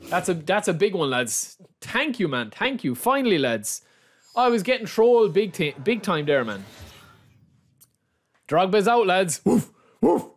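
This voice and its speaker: An Irish man talking through a live stream as he opens player packs. His voice sits a little high for a man and swings widely in pitch. He keeps repeating his reactions and calls his viewers lads. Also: sing-song, unhurried. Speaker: game streamer. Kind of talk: live-stream pack-opening commentary.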